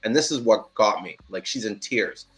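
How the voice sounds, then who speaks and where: A man in casual live-stream chat, telling a story in an animated, profane way and laughing often. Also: lowish voice, normal speed.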